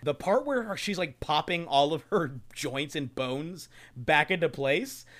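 A man's voice: fairly high pitch, lively intonation, a little slow, a bit bright. A man with a slightly raised voice chats through a movie recap on a podcast. He laughs often and strings his thoughts together with "like." It sounds loose and conversational. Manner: chatty, laughing, hedging with "like". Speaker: podcast co-host. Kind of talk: casual movie discussion.

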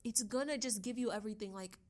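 A young woman hosting a casual solo podcast, talking in an excitable, gushing way and laughing often. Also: on the high side, quick pace. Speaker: podcast host.

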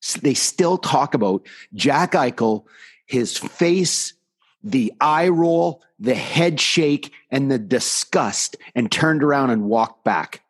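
Husky, emphatic man telling a story. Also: mid-range voice, lively intonation, takes it slowly. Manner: emphatic and indignant, repeats for effect. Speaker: youth hockey coach. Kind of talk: storytelling on a podcast.

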